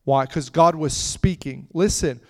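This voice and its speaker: A man's voice: fairly high pitch, unhurried. A man preaching a conversational sermon, chatting with the congregation and breaking into fits of laughter.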